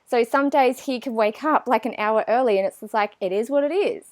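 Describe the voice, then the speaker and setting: A woman's voice: a little high, a little fast, dry recording. A woman, chatting animatedly as an interview guest and acting out her own thoughts. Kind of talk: casual interview chat.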